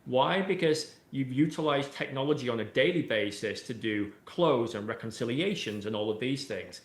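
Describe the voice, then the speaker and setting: A man's voice: mid-range voice, expressive, moderate pace. A man with a middle-range voice answers interview questions in a loose, conversational flow. He keeps checking in with "right?" and filling with "you know" while he explains. The recording carries a roomy echo. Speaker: AI and automation expert, podcast guest. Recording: roomy echoey room sound.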